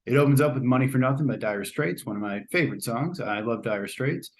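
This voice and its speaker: Fast-talking man rambling through a review. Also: mid-range voice. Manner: chatty, rambling, often hedges and restarts. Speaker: host. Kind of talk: casual spoken movie review.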